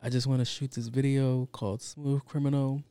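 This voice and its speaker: A man voicing a self-assured male pop star who pitches wild ideas in a breezy, insistent way. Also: flat delivery, moderate pace, mellow, smooth, no room sound, natural voice.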